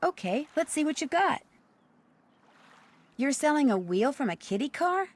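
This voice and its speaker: A woman's voice: high voice, big pitch swings, measured pace. An actress voicing a young female American detective, dry and unimpressed while haggling. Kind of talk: video game character dialogue.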